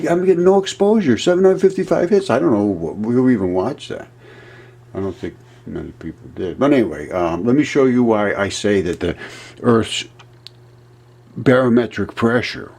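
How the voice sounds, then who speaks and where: A man hosting his own channel, talking through his theories in a rambling, emphatic monologue that swings between low mutters and heated, aggrieved outbursts. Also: a little mellow, husky. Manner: speculative, free-associating, restarts mid-thought. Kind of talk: rambling screen-share monologue.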